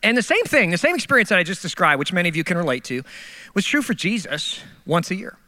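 A man preaching as a pastor, telling comic stories with animated, exasperated outbursts. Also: high voice, fast. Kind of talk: sermon.

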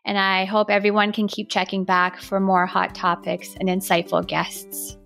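A woman hosting a podcast who thanks her guest warmly and reads the show's sign-off. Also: mid-range voice, monotone, normal speed, gravelly, faint music behind. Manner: warm, effusive. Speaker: podcast host. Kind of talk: podcast interview and outro.

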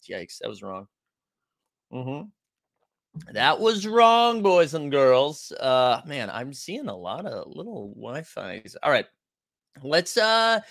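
A man's voice: mid-range voice, sharp tone, no echo, clean studio sound. A man hosting a live stream, chatting casually and rambling with many fillers and restarts. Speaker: livestream host.

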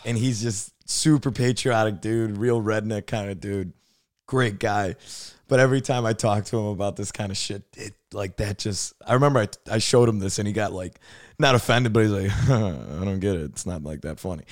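A man's voice: on the low side, moderate pace, no echo, clean studio sound. A man co-hosting a casual chat, reacting to comedy clips, laughing and swearing easily. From Florida, US. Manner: laid-back, laughs often, swears casually.

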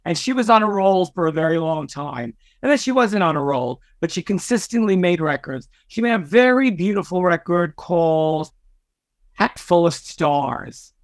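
Older New man, talkative guest storyteller with a raised pitch. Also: expressive, moderate pace, dry recording, studio quality. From Brooklyn, New York. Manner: chatty, warm-hearted, many fillers and restarts. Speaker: podcast guest, record executive. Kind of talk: storytelling interview.

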